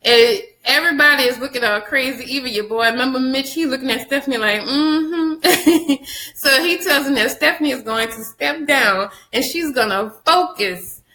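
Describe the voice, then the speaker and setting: A woman recapping a TV episode for her viewers, chatty and animated, addressing them directly and laughing often. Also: high voice, brisk, echoey room, poor audio. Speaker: TV show reviewer.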